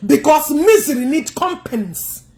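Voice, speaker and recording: A woman's voice: high voice, animated, normal speed, warm tone. A woman with a Nigerian Igbo accent, scolding her livestream viewers in a combative rant.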